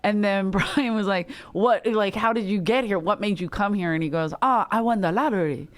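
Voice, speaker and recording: A woman's voice: mid-range voice, fairly even intonation, normal speed. A woman guesting on a comedy podcast, telling a story in casual chat and laughing often.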